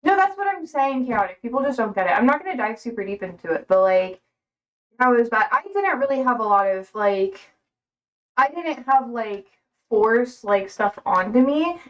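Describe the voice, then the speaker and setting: A woman's voice: a little high, expressive, normal speed, far from the mic. A young woman livestreaming, chatting casually with viewers, rambling with lots of fillers and frequent laughter.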